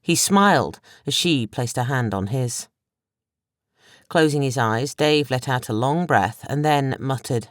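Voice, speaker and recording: A woman reading an audiobook in a measured, even storytelling voice. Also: a bass voice, no room sound, studio quality. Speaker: audiobook narrator. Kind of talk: scripted narration.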